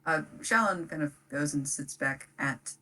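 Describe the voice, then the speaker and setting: A woman's voice: deep voice, measured pace, sharp tone, distant mic, poor audio. A woman narrating a tabletop game as game master, hesitant and loose, full of "um" and "kind of".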